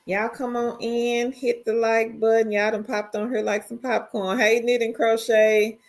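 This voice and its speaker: Middle-aged woman, easygoing livestream host, slow and relaxed delivery. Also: fairly high pitch. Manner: greets viewers one by one, drawn-out and relaxed. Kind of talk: casual livestream chat, reading viewer comments.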